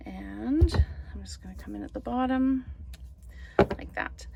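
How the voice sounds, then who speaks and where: A woman's voice: on the high side, unhurried, gravelly, dull audio, very noisy. A woman chatting through a card-making tutorial, thinking aloud as she works. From Canada. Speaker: papercraft demonstrator.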